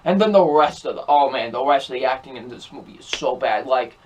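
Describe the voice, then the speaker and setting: A man's voice: mid-range voice, animated, brisk, a little mellow. A young man giving a ranting, repetitive movie review, sounding exasperated as he keeps circling back to the same complaints. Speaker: film reviewer.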